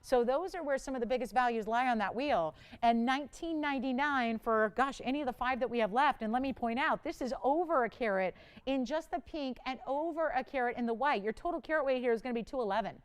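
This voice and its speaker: A woman's voice: sits high, quick pace, clean tone. A woman hosting a live shopping channel, selling jewelry in a chatty, enthusiastic way and talking with callers and crew. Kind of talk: live jewelry sales pitch. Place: TV studio.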